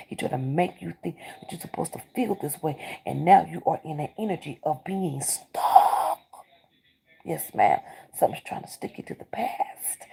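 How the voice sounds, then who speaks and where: A low, gravelly woman gives a spiritual card reading. Her voice is husky and dark, and her delivery is urgent and preacher-like. She often sinks into a whisper. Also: poor audio. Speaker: tarot reader.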